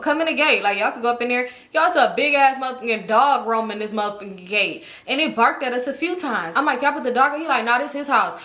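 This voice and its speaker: A woman telling a story casually to her viewers, animated and profane, acting out the people she quotes. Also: sits high. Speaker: storytime YouTuber.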